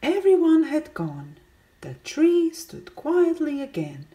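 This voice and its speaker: A woman's voice: sits high, wildly swooping pitch, takes it slowly, dark tone. A woman reading a children's picture book aloud, asking her young listeners questions and calling out the characters' greetings. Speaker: storybook reader.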